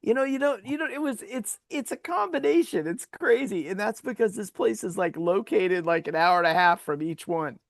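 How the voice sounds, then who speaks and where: A woman's voice: medium pitch, moderate pace, few pauses, no echo, clean studio sound. A woman co-hosting a sports podcast, a former agent, telling stories in casual chat and laughing often. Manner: lively storyteller who laughs often.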